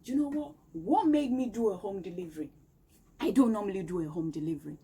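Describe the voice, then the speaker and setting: A woman rants to camera from a room in her home, emphatic and exasperated as she complains. Her mid-range voice is expressive, warm and slightly rough, and she talks fast. The audio is poor, with faint street noise from outside.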